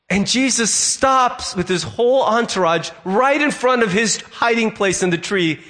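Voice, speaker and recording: A man's voice: sits high, expressive, measured pace, hardly any pauses, fairly bright tone. A male pastor giving a sermon, telling a story and briefly voicing the people in it. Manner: storytelling, acts out voices in quotes.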